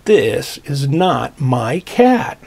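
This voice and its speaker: A man voicing a little boy who is searching for his lost cat, with slow, drawn-out lines. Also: medium pitch, very animated, gravelly, a little mellow, breathy edge, exaggerated voice. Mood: pleading.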